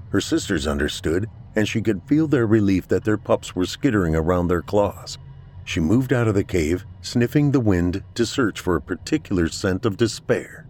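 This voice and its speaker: A man reading a scripted horror story aloud in a measured, unhurried way. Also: deep voice, darkish tone. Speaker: narrator.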